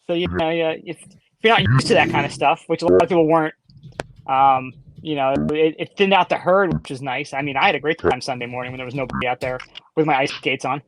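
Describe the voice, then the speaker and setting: A man's voice: on the high side, fast, noisy background. A man chatting as a podcast guest, rambling with lots of you-knows. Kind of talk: casual chat.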